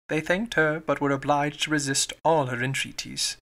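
Bright-voiced man reading an audiobook. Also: mid-range voice, brisk, few pauses. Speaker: audiobook narrator. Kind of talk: scripted audiobook narration.

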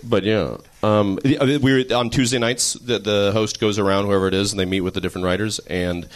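A man's voice: on the low side, steady tone, a little fast. A man telling a rambling anecdote on a podcast, laughing as he goes. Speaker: guest comedy writer. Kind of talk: casual storytelling on a podcast. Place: live podcast stage.

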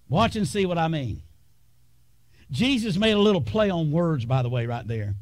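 A man preaching a sermon in a church, with a drawl, dramatic pauses and sudden drops to a hush. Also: on the high side, expressive, no echo. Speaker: pastor. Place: church sanctuary.

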